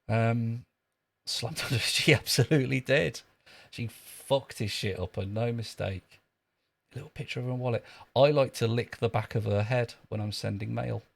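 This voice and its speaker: A man's voice: fairly low pitch, vocal fry, slightly rough. A man chatting dryly and sarcastically on a live stream from an outdoor queue. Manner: dry, sardonic, joking. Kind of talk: casual live-stream chat.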